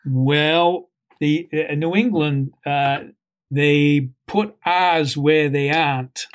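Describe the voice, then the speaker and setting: An older man, a guest actor in an interview, speaking haltingly with many pauses and fillers. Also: on the high side, fairly even intonation, smooth. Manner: halting, many ums and uhs. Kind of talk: conversational interview.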